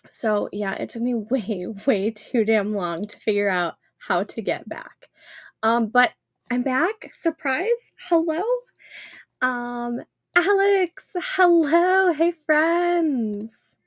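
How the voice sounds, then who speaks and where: A woman's voice: fairly high pitch, dry recording. A woman in her thirties hosting a casual writing livestream from home, chatting with viewers and greeting them by name.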